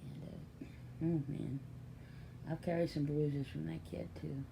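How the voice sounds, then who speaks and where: An older woman, a grandmother and caregiver, tells family stories in a casual storytelling vlog. Her low, steady voice moves slowly with vocal fry, she acts out quoted voices in a chatty way, and there's noise in the background.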